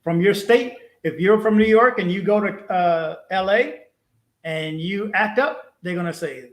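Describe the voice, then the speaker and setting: A man's voice: high voice, moderate pace, reverberant, poor audio. A man from the Washington DC area hosting a casual live stream, telling stories animatedly and acting out past conversations. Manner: animated storytelling, acting out his own past exchanges. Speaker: livestream host.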